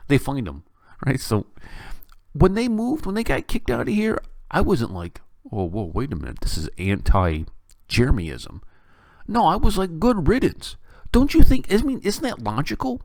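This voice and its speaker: A man hosting a talk show, giving opinionated political commentary in an animated, sarcastic and incredulous way. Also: a little high, moderate pace, gravelly, no echo. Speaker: podcast host.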